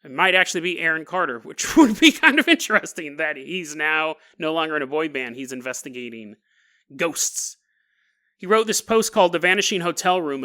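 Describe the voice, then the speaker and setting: A man's voice: fairly high pitch, sharp tone. A man hosting a podcast, telling an eerie tale in a chatty, jokey way with frequent laughs. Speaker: podcast host. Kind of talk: casual storytelling podcast.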